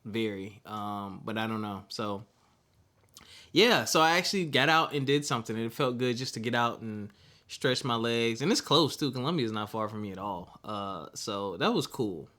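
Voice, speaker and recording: A young man co-hosting a podcast, chatting in a relaxed, rambling way with frequent fillers. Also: medium pitch, normal speed. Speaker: podcast co-host. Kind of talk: casual chat.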